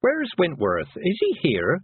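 A frantic farm mother firing off urgent demands, as a male narrator puts her on. Her husky voice rises high in pitch. The sound is tinny and dry. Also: wildly swooping pitch, takes it slowly, no echo, exaggerated voice. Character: panicked farm mother searching for her son.

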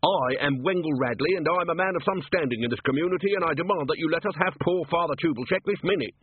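A man's voice: on the high side, quick pace, slightly rough, no echo, pitched above the performer's own voice. A man voicing a pompous small townsman who insists on his standing, heard through a tinny line. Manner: pompous, then stammering. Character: pompous small bearded man, easily cowed. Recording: tinny dry phone-like sound.

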